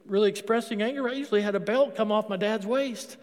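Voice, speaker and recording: A man's voice: sits high, fast, few pauses. A middle-aged man preaching a sermon in a church, conversational and storytelling, with emphatic punches. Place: church sanctuary. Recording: long reverb of a large hall.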